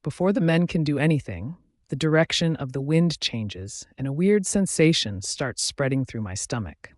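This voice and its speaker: A man giving steady first-person audiobook narration of a scripted story. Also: on the high side, normal speed, dry recording, clean studio sound.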